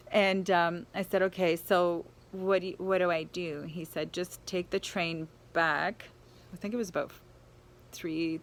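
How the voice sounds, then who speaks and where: A woman's voice: fairly low pitch, fairly bright tone. A woman telling a personal travel story, laughing often and acting out the people she quotes.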